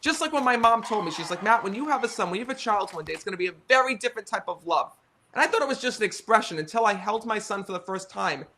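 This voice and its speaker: Man, American accent, thirties, high voice, bright and forceful tone, earnest animated storytelling, talks straight to the audience. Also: quick pace, slight background noise. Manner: earnest, animated, talks to the audience with many "right?" and "you know". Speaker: psychic medium guest. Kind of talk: casual storytelling conversation.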